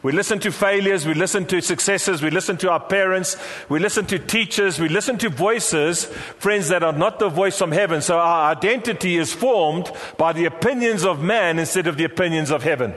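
A middle-aged South African pastor with a high, slightly bright voice preaches a sermon briskly, hardly pausing. He prompts the congregation to repeat phrases back to him, and the large church hall gives the recording a long reverb.

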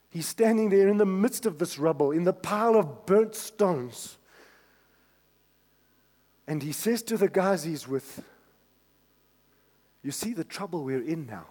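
A male pastor preaching a sermon, swinging from hushed tones to shouts. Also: a little high, long reverb tail.

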